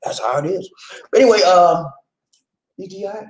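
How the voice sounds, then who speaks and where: A middle-aged man hosting his vlog at home, telling stories in a folksy, animated way and talking straight to his viewers. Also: sits high, moderate pace, poor audio. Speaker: vlog host. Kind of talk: casual storytelling chat to camera. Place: home in the Philippines.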